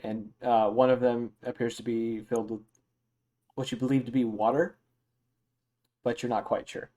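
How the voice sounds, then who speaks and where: A man narrating a tabletop game as game master, relaxed and loose, with many fillers. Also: medium pitch, moderate pace.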